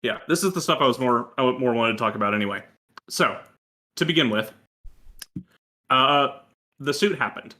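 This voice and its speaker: A man's voice: mid-range voice, expressive, moderate pace, long pauses, bright, forceful tone. A man co-hosting a casual gaming chat show, wry and joking. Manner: wry, joking, reads quotes aloud. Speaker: podcast co-host.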